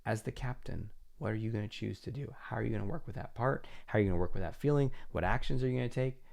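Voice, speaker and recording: Gravelly low-voiced male podcast coach. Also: fast, a little mellow. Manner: earnest, coaching, addresses the listener directly; acts out inner voices in quotes. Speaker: podcast host and confidence coach. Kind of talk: self-help podcast monologue.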